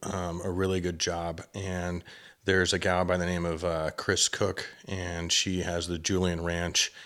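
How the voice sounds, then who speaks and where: A man's voice: low voice, unhurried. A man, a podcast guest, chatting casually and getting worked up as he tells a hunting story. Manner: lively storyteller, gets worked up telling a hunt. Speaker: guest, hunter and drinkware entrepreneur.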